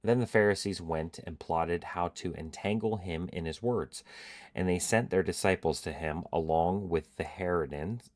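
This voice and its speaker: A tired man hosting a casual faith podcast, reading scripture aloud in a relaxed, halting way with many fillers. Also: deep voice. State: tired, yawning. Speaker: podcast host.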